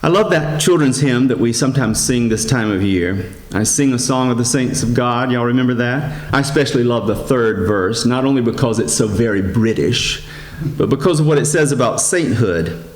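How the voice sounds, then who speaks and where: A man, a priest giving a sermon in a gentle storytelling manner, slowing down and rising in pitch for emphasis. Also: lively intonation. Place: church. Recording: echoey church sanctuary.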